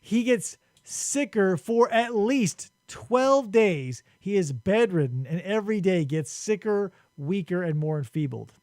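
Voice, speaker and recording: A man's voice: sits high, lively intonation, unhurried, few pauses, a little mellow, dry recording, studio quality. A man hosting a podcast, recapping an ancient epic in a casual, crude, joking way. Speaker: podcast host. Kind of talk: casual, profane story recap.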